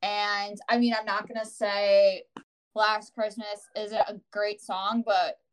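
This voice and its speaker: A woman's voice: mid-range voice, level tone, slow, clean tone. An earnest woman guest reflects on her choice in a casual group debate. Her voice sounds set back a little from the microphone. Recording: voice a bit distant from the mic.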